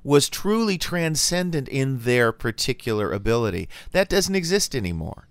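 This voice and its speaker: A man's voice: medium pitch, big pitch swings, moderate pace, smooth, no echo. An older man in a casual panel chat, opinionated and often searching for his words.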